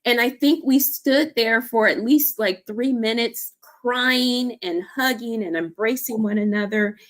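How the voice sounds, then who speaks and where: A woman's voice: on the high side, a little slow, a bit bright. Woman, interview guest, earnest storyteller, heartfelt, casual fillers. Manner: earnest, heartfelt, with frequent "you know" and "I remember". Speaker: founder of a women's support organization.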